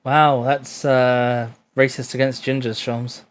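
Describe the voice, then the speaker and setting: A man's voice: mid-range voice, little pitch movement, slow pace, slight background noise. Sarcastic joking male streamer. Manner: sarcastic, jokey, swears. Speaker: streamer playing a story game. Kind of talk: casual let's-play chat.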